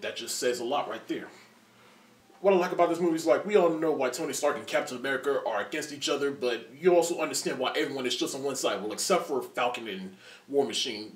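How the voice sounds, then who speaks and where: Excitable young man rambling in an echoey room. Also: medium pitch. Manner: excited and rambling, many restarts, laughs a lot. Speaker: movie reviewer. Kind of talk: casual spoiler review. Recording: roomy echo, distant from the mic.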